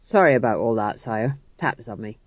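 A man voicing a loud, overeager male sergeant in an audiobook reading. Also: mid-range voice, expressive, normal speed, no echo, lo-fi sound, voice pushed down, natural voice. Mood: sheepish. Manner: barking, blunt. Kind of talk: audiobook narration.

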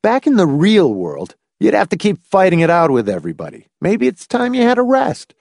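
A man's voice: sits high, wildly swooping pitch, moderate pace, vocal fry, darkish tone, dry recording, studio quality, voice pushed up, full character voice. A man voicing a blunt, sardonic grown man who lectures in a wry, cutting way.

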